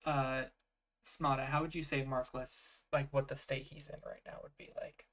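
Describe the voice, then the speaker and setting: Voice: medium pitch, little pitch movement, moderate pace, fairly bright tone. A game master narrating a tabletop game in a casual, filler-heavy way, working out rules aloud.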